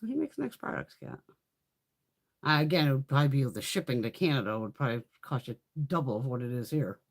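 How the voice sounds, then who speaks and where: A woman's voice: extremely low pitch, sing-song, a little fast, creaky. A woman hosting a casual makeup livestream, telling stories bluntly with plenty of swearing and reading out viewer comments. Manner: profane, blunt storytelling, reads viewer comments. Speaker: livestream host.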